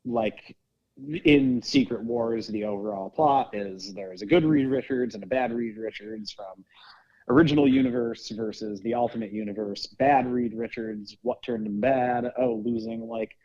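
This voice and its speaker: A man's voice: mid-range voice, moderate pace, darkish tone. Man speculating at length, dull sound. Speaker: podcast co-host. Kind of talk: casual review chat.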